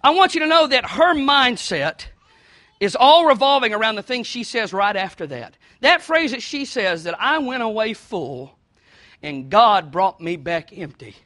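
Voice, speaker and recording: A man delivers a sermon in a very high, bright voice. He works like a storyteller, dropping low and quiet, then rising into shouted lines. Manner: storytelling preacher, swinging between hushed and shouting. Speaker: pastor.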